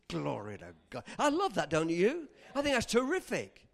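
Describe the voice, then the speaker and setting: High-voiced preacher man, animated. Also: normal speed, gravelly, few pauses. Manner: animated, bursts into shouting. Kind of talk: sermon.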